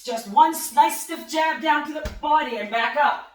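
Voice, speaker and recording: Breathless high-voiced woman boxing coach. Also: normal speed, roomy sound, recorded from a distance, slight background noise, rough recording. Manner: calls out punch combinations, encouraging. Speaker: boxing fitness instructor. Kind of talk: live workout class coaching.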